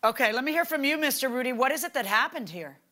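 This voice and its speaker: A woman's voice: high-pitched, expressive, fast, bright, forceful tone. Woman judge asking probing questions. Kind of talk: courtroom questioning.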